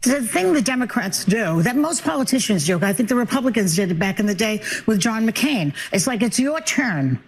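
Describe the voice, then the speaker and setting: A woman's voice: fairly high pitch, lively intonation, fairly quick, hardly any pauses, slight background noise. A woman on a daytime talk show panel, giving conversational, opinionated remarks. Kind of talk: panel discussion.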